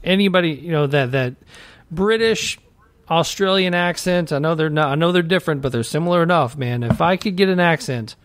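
A man's voice: on the high side, a little fast, a little hiss or hum. A man co-hosting a podcast in laid-back casual chat, often saying "man.". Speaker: podcast co-host and editor.

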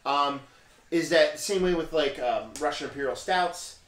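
Chatty, joking man with a high voice. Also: measured pace, a bit bright. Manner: joking, sarcastic, rambling with fillers. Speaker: beer review host. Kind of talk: casual beer review chat. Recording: echoey room.

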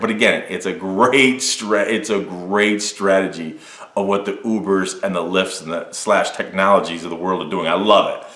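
A man hosting a business podcast, reacting to a news clip with animated, preachy commentary and rhetorical jabs. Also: normal speed, roomy sound. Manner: animated, preachy, swings from loud rhetorical jabs to low asides. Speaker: podcast host.

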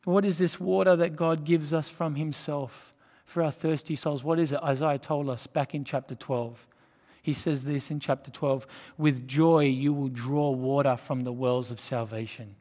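A man preaching a sermon, emphatic, building to loud declarations. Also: on the high side, steady tone, moderate pace. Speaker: pastor. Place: church hall. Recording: church hall with long reverb.

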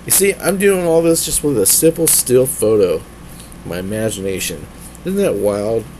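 A man's voice: mid-range voice, very animated, normal speed, mellow, slight background noise, poor audio. A man streaming from a tablet, a musician who rambles casually, jokes around and keeps slipping into silly voices. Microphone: tablet mic.

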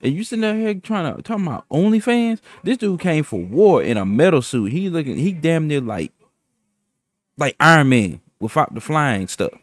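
Excitable man reacting, dry sound. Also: a little high, moderate pace, no room sound. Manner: excitable, slangy. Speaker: reaction channel host. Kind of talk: casual reaction commentary.

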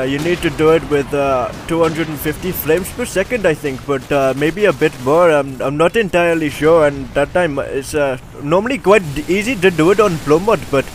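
A man giving casual, rambling commentary over his own gameplay, excitable and swearing often into a desktop mic. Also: fairly high pitch, a little hiss or hum.

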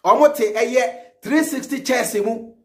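High-voiced Ghanaian man ranting theatrically. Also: a little slow. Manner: animated, theatrical, repeats phrases in a sing-song way. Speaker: reaction channel host. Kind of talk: satirical ranting commentary.

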